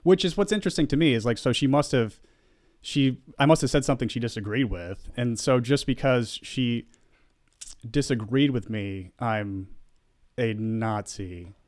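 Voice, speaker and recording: A man's voice: medium pitch, moderate pace, a little mellow, no echo, clean studio sound. A young man co-hosting a podcast, talking casually in a sarcastic, joking, rambling way. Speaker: podcast co-host. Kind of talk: casual chat.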